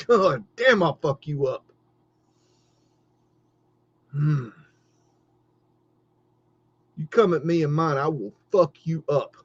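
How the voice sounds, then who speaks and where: A man's voice: a little high, expressive, measured pace, pauses often, husky. A middle-aged man hosting a livestream, ranting heatedly with lots of swearing and stammered restarts. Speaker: podcast host. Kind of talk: livestream rant. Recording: dull lo-fi stream audio.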